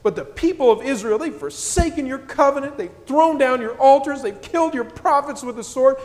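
A man's voice: very high voice, animated, fairly quick, a little mellow, long reverb tail, pitched above the performer's own voice. A man reading the prophet Elijah's complaint in a whining, toddler-like voice during a sermon. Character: Elijah as a whiny, self-pitying grown man.

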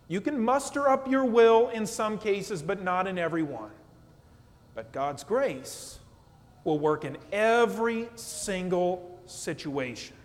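Guy pastor giving an animated sermon, higher voice, echoey church. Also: slow. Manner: animated preaching, acts out quotes, asks "okay?". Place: church sanctuary. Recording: long church reverb.

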